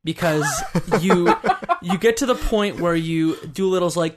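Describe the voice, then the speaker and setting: A man's voice: sits high, measured pace. A man hosting a video game podcast, complaining in an exasperated, laughing way. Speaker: podcast host. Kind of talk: casual video game discussion.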